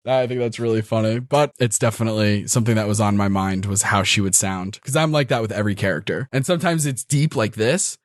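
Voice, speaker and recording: A man's voice: lowish voice, quick pace, hardly any pauses, no room sound, clean studio sound. A man, a podcast guest who runs tabletop games, chatting casually and thinking aloud with lots of fillers. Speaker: podcast guest and dungeon master. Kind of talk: casual chat.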